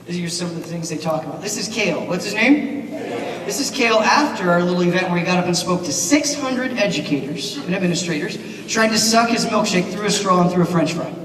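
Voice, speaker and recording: A man giving a keynote speech at a banquet, animated and asking the audience questions. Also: sits high, fairly quick, a crowd in the background. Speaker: keynote speaker, teacher. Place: large banquet hall. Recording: echoey hall, mic from far off, noisy.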